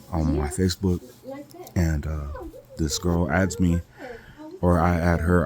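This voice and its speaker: A man from California telling a personal story in a casual, rambling way, full of "like" and "you know". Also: deep voice. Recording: crowd chatter clearly audible behind.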